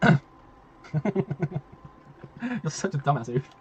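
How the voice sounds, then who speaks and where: A man casting a strategy game tournament on a live stream, chatty and laughing, with a tiring voice that he keeps clearing. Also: medium pitch, lively intonation, slow, darkish tone, dull audio, slight background noise. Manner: chatty, laughing, rambling, swears, reads chat aloud. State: voice tiring, clearing throat often. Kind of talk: casual live-stream commentary.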